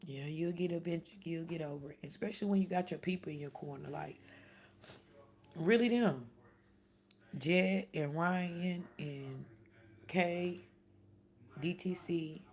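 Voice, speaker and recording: A woman's voice: lowish voice, a little slow, long pauses, darkish tone. A middle-aged woman streaming live, chatting casually and answering commenters by name. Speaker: live streamer reading chat. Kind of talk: casual chat.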